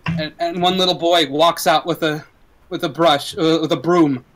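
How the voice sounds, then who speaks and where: A man running a tabletop game as dungeon master, with a fairly high voice. He tells the story loosely, with plenty of fillers and restarts. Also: little pitch movement, moderate pace, fairly bright tone, rough recording.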